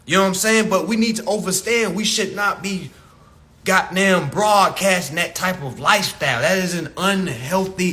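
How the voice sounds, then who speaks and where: A man's voice: high-pitched, lively intonation, moderate pace, bright, forceful tone. A man ranting on a livestream, profane and preachy, repeating his points with emphasis. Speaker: social media live host. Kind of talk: unscripted livestream rant. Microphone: phone livestream.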